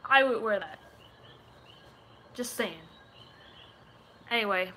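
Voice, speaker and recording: A woman's voice: mid-range voice, lively intonation, normal speed, sharp tone. Woman, casual chat with viewers, chatty, self-deprecating, faint room hum. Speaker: video creator chatting with viewers.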